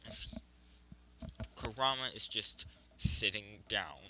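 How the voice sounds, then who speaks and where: A man's voice: on the low side, expressive, slow pace, sharp tone, slight background noise, rough recording. A man improvising a fan story narration, rambling with frequent self-corrections.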